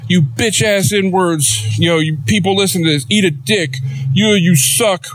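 A man putting on the voice of a hostile male rapper who hurls drawn-out insults at his listeners. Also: sits high, no room sound, pitched above the performer's own voice, low-quality recording. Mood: taunting. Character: swaggering hostile male rapper yelling at fans.

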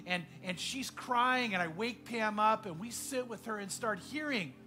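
A man preaching a sermon as pastor, telling a story earnestly and often dropping to a hushed voice. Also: high voice, unhurried, faint music behind.

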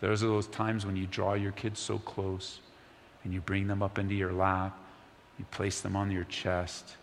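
Deep-voiced pastor preaching in an echoing hall. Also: male voice, monotone, normal speed, a little hiss or hum. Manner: earnest, drops to soft near-whisper for emphasis. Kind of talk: sermon. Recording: long hall reverb, faint ambience.

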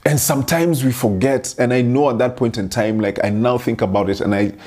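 Husky-voiced man preaching earnestly. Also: medium pitch, steady tone, brisk, darkish tone. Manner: earnest, personal storytelling with repetition. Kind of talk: sermon.

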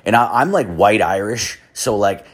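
A man's voice: lowish voice, expressive, normal speed. A young man telling a rambling, profane story in casual talk, with lots of "like". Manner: rambling, profane, heavy use of "like".

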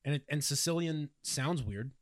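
Young Canadian male co-host, lively swearing rant, high-ish voice. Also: moderate pace. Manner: swearing, animated ranting with mock voices. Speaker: podcast co-host. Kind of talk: casual chat.

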